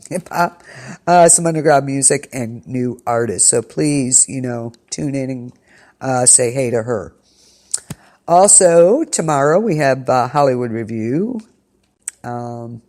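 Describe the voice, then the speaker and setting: Gravelly-voiced woman radio host. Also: extremely low pitch, a little mellow. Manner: rambling, with many ums and restarts. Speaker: internet radio show host. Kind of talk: casual show wrap-up and schedule rundown. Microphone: studio mic, pre-recorded.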